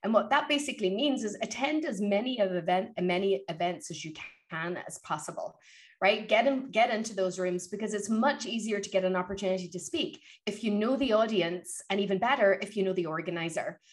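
A woman guest on an interview, coaching on public speaking and telling stories in an energetic, motivational way. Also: mid-range voice, brisk. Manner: energetic, motivational, animated retelling. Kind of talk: conversational interview, storytelling.

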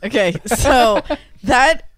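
A woman co-hosting a podcast in casual chat, gushing and quick to laugh. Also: a little high, lively intonation, no room sound, studio quality. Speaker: podcast co-host, mother.

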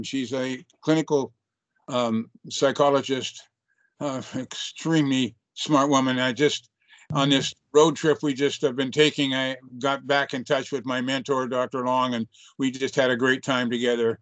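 A man's voice: medium pitch, fairly even intonation, unhurried, no echo. An older man, a chiropractor, telling a story in an interview in an earnest, reflective way, often restarting his sentences. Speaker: chiropractor guest.

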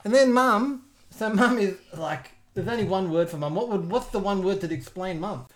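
A woman's voice: medium pitch, moderate pace, close to an everyday voice. A woman voicing a boastful, mischievous eight-year-old boy who hosts a comedy podcast. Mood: bratty. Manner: bratty and boastful, giggly, loud outbursts. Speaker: podcast host. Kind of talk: comedic improvised character podcast.

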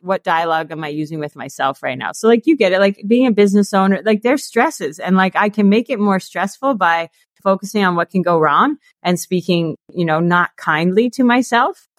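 A woman in her thirties, a guest author and coach, talking casually in an interview with lots of "like" and quick laughs. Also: on the low side, lively intonation, no room sound, studio quality. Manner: chatty, peppered with "like" and laughs.

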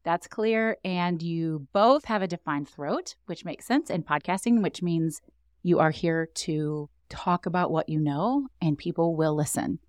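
Woman, very low voice, animated coach, acts out quotes, dry close sound. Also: a little slow, no echo. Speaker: success coach guest. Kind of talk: podcast conversation, explaining.

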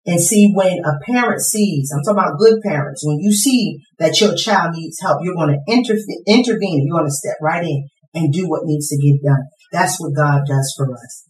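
A middle-aged woman preaching a sermon with passion, swinging from quiet to shouting. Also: fairly low pitch, normal speed, hardly any pauses. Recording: echoey hall from far off.

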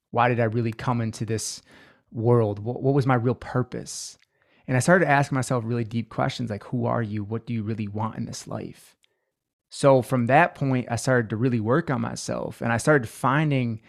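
A man in his twenties, a guest on a podcast, telling his life story in an earnest, reflective way. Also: mid-range voice. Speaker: podcast guest, healing coach. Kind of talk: personal story in an interview.

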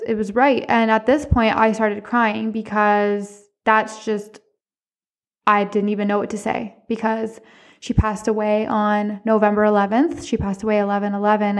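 A woman hosting a podcast, telling personal stories in a casual, expressive way with frequent laughter. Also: medium pitch. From Canada. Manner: expressive, chatty, laughs often; speaks candidly, with some swearing. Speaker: podcast host.

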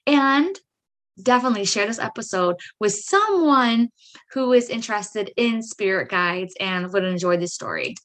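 A woman hosting a podcast who tells a personal story in a chatty way. She says "like" and "right?" a lot and acts out her own excited reactions. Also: mid-range voice, normal speed. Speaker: podcast host.

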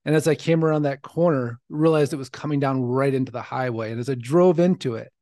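A man in his forties hosts his own podcast and tells a personal story, earnest and reflective. His voice sits at an ordinary middle pitch for a man. The recording is dry and close, with no room echo. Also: a little fast, dark tone. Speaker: podcast host.

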